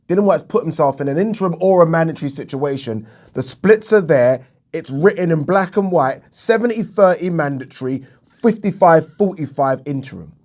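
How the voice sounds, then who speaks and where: A man's voice: fairly high pitch, a little mellow. A man giving a heated solo commentary on boxing, repeating himself for emphasis and swearing freely. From England. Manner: indignant, repetitive, emphatic, swears. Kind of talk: opinion vlog rant.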